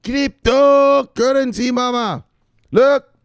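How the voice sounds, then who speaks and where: A man's voice: very high-pitched, fairly even intonation, slow pace, clean tone, no room sound, studio quality, voice pushed up, full character voice. Man doing a pompous son lecturing his mama. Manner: pompous, declaiming, dismissive. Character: grandiose grown son lecturing his mother.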